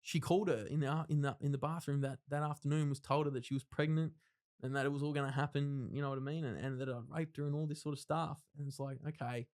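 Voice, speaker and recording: A man's voice: on the high side, fairly even intonation, fast, a little mellow. A man, a podcast guest telling his story in a casual, rambling way with frequent restarts and frank swearing. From Australia. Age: 30s. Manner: rambling, self-interrupting retelling with frank swearing and acted-out quotes. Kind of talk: casual interview, personal storytelling.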